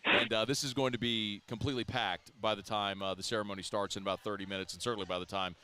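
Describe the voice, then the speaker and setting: A man's voice: on the low side, fairly even intonation, fast, bright, forceful tone. A man hosting sports talk radio in a casual way, chatty and asking long, winding questions.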